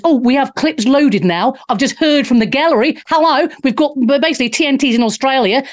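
Brash jokey english woman hosting a live talk show, higher pitched voice. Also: fairly quick, few pauses.

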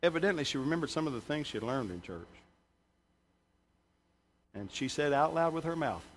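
A man's voice: a little high, animated, fairly quick, slight background noise. A male pastor preaching a sermon in a church, emphatic, with joking asides to the congregation. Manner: emphatic, bursts louder for scripture and punchlines. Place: church sanctuary.

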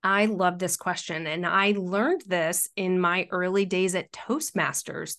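A low-voiced woman appears as a guest on a podcast interview, working as a workplace communication consultant. She explains and coaches, offering practical tips on communication skills.

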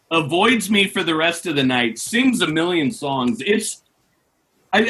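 Lively, bright-voiced male podcaster. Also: a little high. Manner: animated, laughing storyteller. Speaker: podcast co-host. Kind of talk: casual storytelling.

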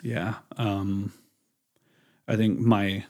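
A man in his forties who owns a business chats casually as a podcast guest, telling stories in a rambling way full of fillers and restarts. His voice is lowish and a little mellow, with little pitch movement, and he speaks extremely slowly.

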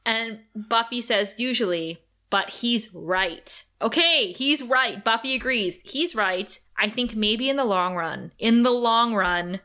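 A woman co-hosting a casual podcast, animated and emotional as she talks, with frequent laughter. Her voice is bright and clear. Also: fairly high pitch, takes it slowly, few pauses. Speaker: podcast co-host. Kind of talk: casual chat.

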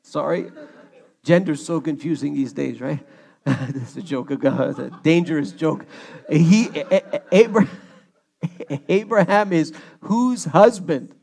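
A man preaching a sermon as pastor, animated and joking, acting out the quotes he reads. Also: on the high side, slow pace, gravelly. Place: church, streamed online.

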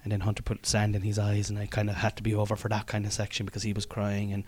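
Here the Cork-accented comedian, a man in his thirties, talks fast in a lowish voice that is completely flat, a little mellow and slightly rough. It's a chatty, self-deprecating podcast monologue that rambles along with plenty of fillers and restarts.

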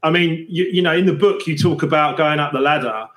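A man's voice: a little high, a little fast, reverberant. A man interviewing a guest in a podcast, asking long, rambling questions full of fillers.

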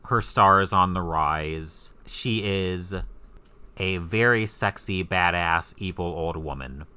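Low, smooth, wry male podcast co-host. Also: slow. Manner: relaxed, wry, steers the discussion. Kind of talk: casual comic-book podcast chat.

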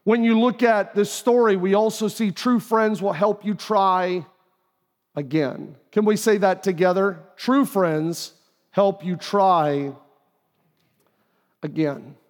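High-pitched guy preaching to his church, chatty and animated, big echoey hall. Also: slow. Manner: conversational, animated, acts out quoted voices. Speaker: pastor. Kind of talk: sermon. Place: church auditorium. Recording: live hall with long reverb.

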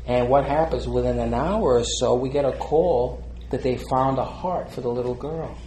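A man's voice: mid-range voice, moderate pace, mellow, slight background noise. Older man telling heartfelt stories. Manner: heartfelt, rambling, laughs often, with many fillers. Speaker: interviewee. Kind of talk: casual storytelling. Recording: roomy with faint background ambience.

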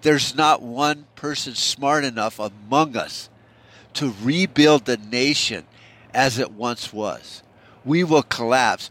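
A man's voice: mid-range voice, fairly bright tone. Male podcast host, mid-range voice, furious profane rant with stammering restarts. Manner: angry, profane ranting with repeated stammering restarts.

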